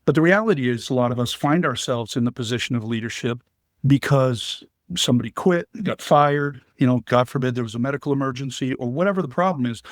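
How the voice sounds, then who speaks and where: A man answering interview questions in a measured, explanatory way, using vivid analogies. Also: medium pitch, no room sound, clean studio sound. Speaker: guest, business leader and veteran.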